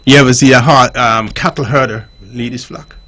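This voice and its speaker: A man's voice: medium pitch, fairly even intonation, normal speed, bright, forceful tone. A man talking on a call-in radio show. He explains his points like a teacher and keeps checking whether the listener understands.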